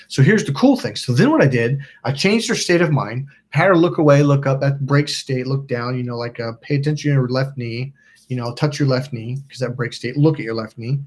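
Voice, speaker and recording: A man hosting a self-help channel, telling a story in a rambling, casual way, acting out quotes and swearing now and then. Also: mid-range voice. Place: indoors by a smoking candle.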